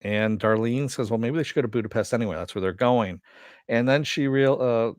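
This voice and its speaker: A man's voice: medium pitch, fairly quick, a little mellow, no room sound. A man casually recapping a TV episode, rambling along with lots of fillers. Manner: rambling, many "you know" and "uh" fillers. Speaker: TV episode reviewer.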